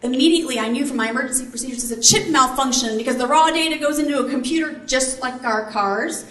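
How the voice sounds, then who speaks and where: Quick and high, with a bit of brightness, a middle-aged woman speaks to a live audience as keynote speaker. She once piloted Army helicopters, and here she tells an animated story and quizzes the room. The hall is echoey, with faint ambience.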